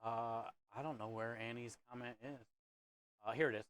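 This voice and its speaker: Reading viewer comments out loud, this live cooking streamer keeps things casual and friendly, addressing his audience as "bro" and "dude" from a kitchen or food truck. His medium, fairly bright voice has fairly even intonation and a moderate pace, with slight background noise.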